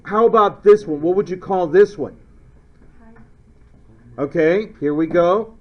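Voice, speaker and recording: A male chemistry teacher lecturing a class in a playful way, now and then shouting silly memory phrases. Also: high-pitched, measured pace. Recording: dull lo-fi classroom recording.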